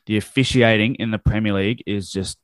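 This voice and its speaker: A man's voice: lowish voice, steady tone, a little fast, no room sound, clean studio sound. A man co-hosting a casual football chat, blunt and profane, given to heated rants. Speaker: podcast co-host.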